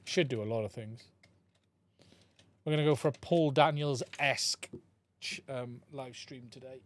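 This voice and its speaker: A man's voice: medium pitch, measured pace. A man chatting through a live-streamed repair at his workbench, thinking aloud as he works and talking to his viewers. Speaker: streamer repairing a radio controller. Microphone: desk mic, swaps mics during the stream.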